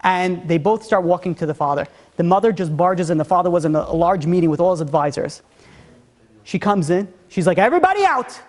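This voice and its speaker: A man's voice: high-pitched, fairly quick, a little mellow. A man, a rabbi, telling a story to an audience, acting out the characters with frequent restarts. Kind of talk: storytelling talk.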